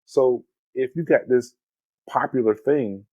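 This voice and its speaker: A man in his forties, a podcast host, retelling a film in a loose, animated way, full of "man" and "you know". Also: mid-range voice, a little slow, breathy edge, no room sound, muffled recording. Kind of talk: casual movie discussion.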